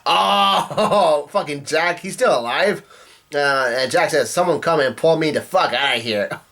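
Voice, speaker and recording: A man's voice: a little high, lively intonation, moderate pace, fairly bright tone. Man reading manga lines aloud, swearing. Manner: reads dialogue aloud, drops profane asides. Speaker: manga reaction youtuber. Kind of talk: casual reading aloud with commentary.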